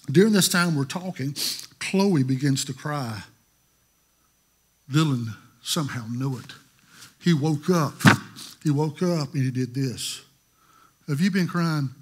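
Husky-voiced man preaching a sermon. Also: fairly high pitch, expressive, a little slow, pauses often. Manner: storytelling, shifting from hushed to emphatic. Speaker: pastor.

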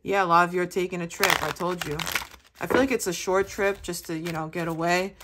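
Tarot reader, woman, low-pitched voice, casual and chatty delivery with a loose mouth. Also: fairly even intonation, a little fast, very noisy. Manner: chatty, casual, addresses viewers as baby. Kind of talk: casual spoken tarot reading.

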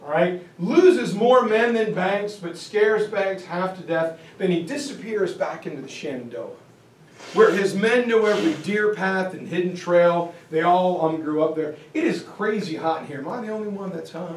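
A man giving a casual, animated history lecture to parents, acting out historical figures along the way. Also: high voice, normal speed. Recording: echoey hall, voice from far off.

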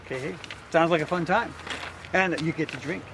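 Gravelly-voiced wisecracking man outdoors. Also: a little high, a little fast, a bit bright, slight background noise. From Winnipeg. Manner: wisecracking, playful. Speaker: co-host of local events show. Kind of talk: casual outdoor chat, reading event listings. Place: outdoors in cold winter by a road.

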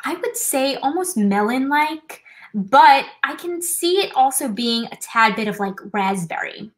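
A high-pitched, animated woman speaks a little slowly in this rough recording, hosting a live trivia night. She keeps it casual like a live-stream demo, explaining step by step and laughing at herself a bit.

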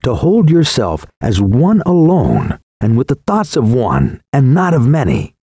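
A man's voice: medium pitch, wildly swooping pitch, measured pace, mellow, husky, dry recording, studio quality, heavily acted. A man voicing a harsh male council scholar who speaks with contempt, in a storybook reading. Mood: contemptuous.

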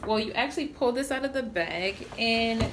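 A young adult woman talking casually to her channel, telling a story in a chatty, excitable way. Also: fairly high pitch, normal speed, background noise. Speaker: vlogger. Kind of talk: casual chat.

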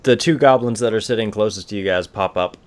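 Man, game master, casual narration, fairly low voice, laughs often. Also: fast.

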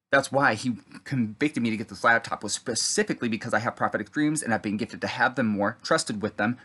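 A man telling about a dream in a halting, rambling monologue, full of fillers and throat clearing, then preaching earnestly. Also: mid-range voice, fairly bright tone. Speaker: vlogger recounting a dream.

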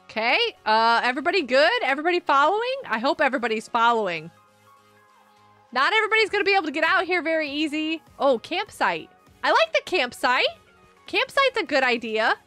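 High, lively woman streaming a game. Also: a little fast, soft background music. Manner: excitable, gasping and laughing often. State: sleepy, yawning. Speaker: gaming livestreamer. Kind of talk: casual live gameplay chat.

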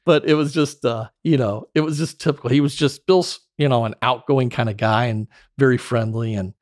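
A man's voice: mid-range voice, a little fast, no echo, clean studio sound. A middle-aged man telling stories with lots of laughter as a podcast guest. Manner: animated storyteller, laughs often. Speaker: podcast guest, former sales director. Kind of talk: casual storytelling interview.

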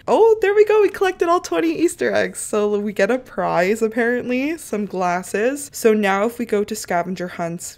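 A young woman talks through a mobile game in a relaxed, chatty way, narrating each step as she goes. Now and then she breaks into loud, laughing outbursts. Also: medium pitch. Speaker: gaming YouTuber. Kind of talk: casual gameplay commentary.

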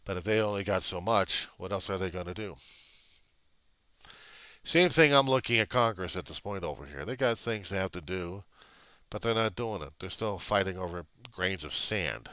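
A middle-aged man rants into his webcam in a low, forceful voice, gruff and swearing as he rambles along. His tone is smooth and clear, and the sound is dry and close. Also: animated, moderate pace, no echo. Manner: gruff, grumbling, swears freely. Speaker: vlogger. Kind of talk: rambling casual monologue.

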